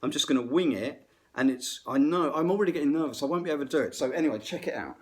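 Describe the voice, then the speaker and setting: A man's voice: a little high, expressive, racing, background noise. A middle-aged man, a musician, ranting unrehearsed between bits of playing, rambling, self-deprecating and swearing freely. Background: faint guitar playing.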